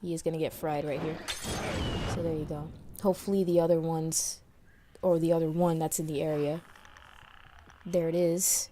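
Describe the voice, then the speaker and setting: Woman w/ a bit of a new york accent, rambly game commentary, low mellow voice. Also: little pitch movement, moderate pace, pauses often, slight background noise. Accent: slight New York. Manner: chatty, rambling, many restarts and fillers. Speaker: let's play commentator. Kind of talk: casual gameplay commentary. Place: home, voice-over recorded after play.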